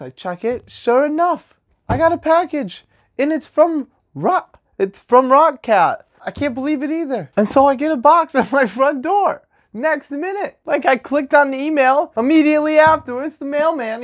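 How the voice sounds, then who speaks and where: A man's voice: extremely high pitch, moderate pace, dull audio. A young man hosting a casual unboxing vlog, joking and self-mocking as he talks. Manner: jokey, animated, self-mocking. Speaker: vlogger.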